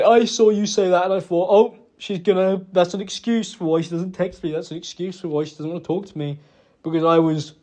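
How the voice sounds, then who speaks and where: A man making a halting, remorseful apology in a private recording, with many pauses and restarts. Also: sits high, darkish tone. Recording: dull lo-fi recording.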